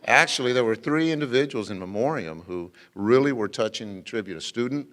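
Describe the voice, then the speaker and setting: A man's voice: mid-range voice, lively intonation, a little fast, a bit bright, in a large hall. A middle-aged man, a former school superintendent, giving an informal dedication speech full of anecdotes, fillers and restarts. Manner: folksy, rambling, frequent fillers and restarts. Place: ceremony venue with an audience.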